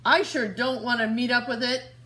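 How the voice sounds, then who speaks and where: Worried grumbly kid sidekick, read by a woman, storybook voice, higher pitch. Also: steady tone, normal speed, sharp tone.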